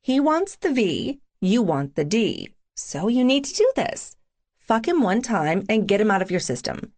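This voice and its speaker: Woman voicing a brash crude young woman, higher pitched, pushy, teasing, audiobook character. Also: big pitch swings, measured pace, a little mellow. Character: brash blunt young woman friend Lou.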